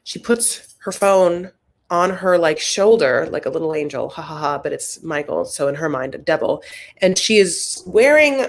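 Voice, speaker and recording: A woman hosting a casual reality TV recap, gossipy and animated, calling her viewers "honey". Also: deep voice, moderate pace.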